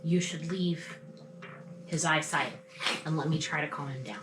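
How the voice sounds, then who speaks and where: A woman's voice: deep voice, fairly even intonation, unhurried, background noise. A woman playing a tabletop role-playing game, talking casually and tentatively, as if thinking aloud. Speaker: player. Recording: echoey room.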